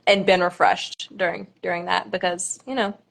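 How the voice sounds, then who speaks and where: A woman's voice: lowish voice, little pitch movement, normal speed, creaky. A young woman, a pageant contestant, chatting on a live stream with nervous laughter and many fillers.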